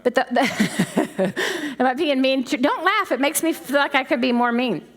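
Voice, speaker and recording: Animated woman preaching, high lively voice. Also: normal speed. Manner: animated, conversational, laughing asides. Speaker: pastor's wife preaching. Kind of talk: sermon.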